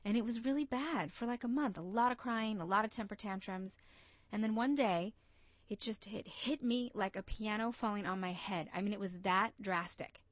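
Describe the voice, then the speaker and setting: A woman's voice: mid-range voice, moderate pace, few pauses, dry recording. A woman from the United States, a coach and entrepreneur, telling a story in an interview and acting out the voices she quotes.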